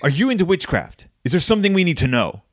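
Man voicing an accusing suspicious dad, higher and louder than his own voice, rapid-fire. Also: big pitch swings, no echo, clean studio sound. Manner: pressing, accusing questions. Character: suspicious, agitated middle-aged father.

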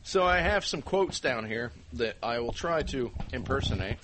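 Podcast co-host, American man, animated bright delivery, faint hiss behind. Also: medium pitch, normal speed. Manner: lively, laughing, attempts impressions of singers. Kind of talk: casual podcast chat.

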